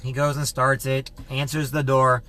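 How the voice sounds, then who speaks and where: A man's voice: medium pitch, little pitch movement, moderate pace, pushed and bright, a little hiss or hum. A man vlogging, telling a story and reflecting earnestly in a conversational way, often repeating himself.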